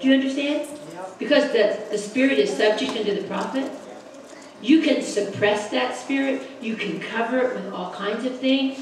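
A woman's voice: fairly high pitch, normal speed, slight background noise. Emphatic woman preaching in echoey church. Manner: emphatic, repetitive, impassioned. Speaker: Sunday school teacher. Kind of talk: informal Sunday school preaching. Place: church sanctuary. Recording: echoey church recording from far off, congregation audible.

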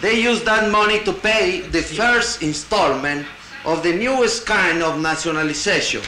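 Man, high voice, halting with restarts, conference speech, echoey 1960 hall tape. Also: bright, forceful tone, a little hiss or hum. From Latin America. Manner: halting, with restarts and wry asides. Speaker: conference delegate. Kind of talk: conference speech, partly reading a paper aloud.

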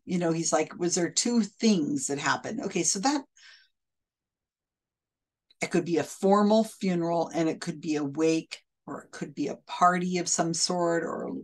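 A woman with a somewhat low voice talks through recorded readings in casual, skeptical commentary. She speaks conversationally, full of fillers and quick restarts. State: hiccups. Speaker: commentator reviewing a psychic's readings.

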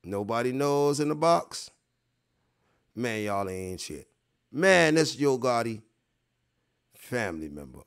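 A man hosts a casual livestream, talking straight to the people watching. He rambles and swears freely, going back over his points again and again to drive them home. His voice sits at an ordinary middle pitch. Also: sing-song, slow pace, creaky, long pauses, clean tone. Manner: rambling, profane, repeats himself, talks straight to viewers. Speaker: online show host.

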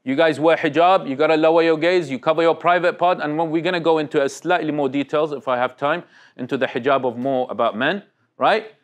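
Higher-voiced man giving a sermon. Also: brisk. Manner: conversational, questions the audience, many restarts. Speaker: Islamic speaker. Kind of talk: interactive religious talk to youth.

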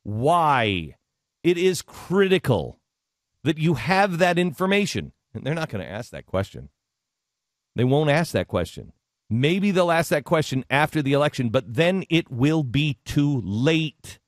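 A man's voice: a little high, very animated, unhurried, dry recording, studio quality. A middle-aged male radio host talking politics with passion, hammering the same question again and again. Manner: impassioned, repeats questions. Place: radio studio.

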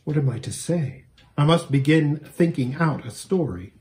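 A man's voice: on the high side, animated, normal speed, darkish tone, close to an everyday voice. A man voicing a blunt, defensive young boy in rags.

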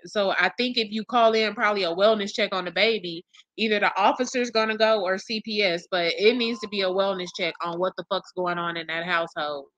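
A woman's voice: medium pitch, fairly even intonation, fairly quick, a bit bright, dry recording. A woman hosting casual commentary for her viewers, blunt, profane and exasperated as she gossips. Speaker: commentary channel host.

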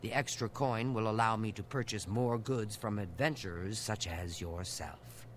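An actor playing an eager male shopkeeper in a fantasy video game, making a salesman's pitch. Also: moderate pace, a little hiss or hum, close to an everyday voice. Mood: salesy. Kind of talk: video game character dialogue.

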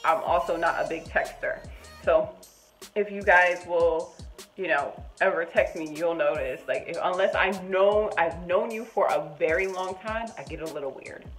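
Young woman, storytime vlogger, animated, chatty, loud highs, muttered asides, faint music. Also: low-quality recording. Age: young adult. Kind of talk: casual storytime vlog.

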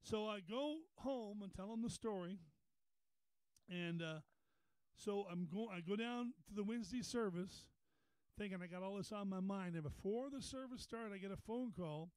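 High-voiced folksy preacher man. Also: moderate pace, darkish tone, clean tone, no echo, rough recording. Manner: folksy, repeats words, rises to a preaching pitch. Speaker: pastor. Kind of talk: storytelling sermon. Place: Bible study meeting room.

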